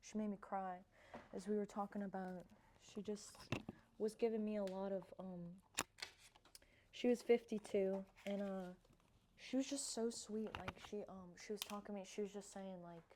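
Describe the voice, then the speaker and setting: A woman vlogger talking casually and softly, with lots of fillers and restarts, as she reflects on cards she has drawn. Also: medium pitch, fairly even intonation, moderate pace, noisy background. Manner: soft-spoken, hesitant with many fillers. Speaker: wellness vlogger.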